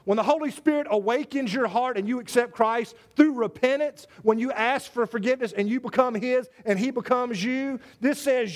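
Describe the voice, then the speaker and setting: A man's voice: extremely high pitch, normal speed, hardly any pauses. A man preaching a sermon to his church, emphatic and repetitive, full of rhetorical questions. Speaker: pastor.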